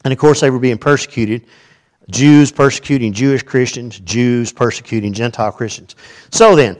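Man preaching an animated sermon. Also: mid-range voice. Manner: animated, conversational preaching with big swings in loudness. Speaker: pastor.

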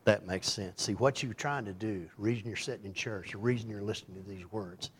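A man's voice: fairly low pitch, brisk, husky. A man preaching a sermon in a conversational way, reading scripture aloud and acting out the voices in it. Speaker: pastor.

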